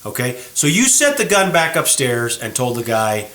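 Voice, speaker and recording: Speaking at normal speed in a mid-range voice, a gunsmith shop owner hosts his show from the gun shop workroom, and the room is echoey. He casually points out flaws on a gun, folksy and animated, treating viewers as folks.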